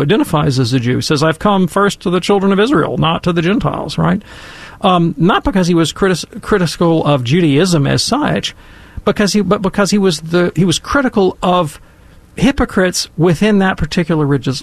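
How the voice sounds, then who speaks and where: A man telling a story and giving commentary in a casual, animated, emphatic way. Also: fairly high pitch, creaky, dry recording. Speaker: guest commentator.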